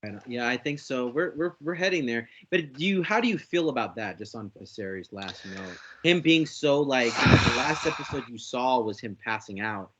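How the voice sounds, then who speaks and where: A man's voice: mid-range voice, lively intonation, normal speed, hardly any pauses, a bit bright, a little hiss or hum. A man co-hosting a casual podcast chat, loose and joking, with many fillers. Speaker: podcast co-host.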